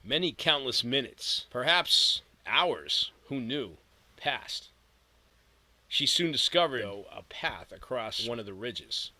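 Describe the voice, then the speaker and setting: Bright-voiced male audiobook narrator. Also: medium pitch, big pitch swings, takes it slowly, dry recording, rough recording.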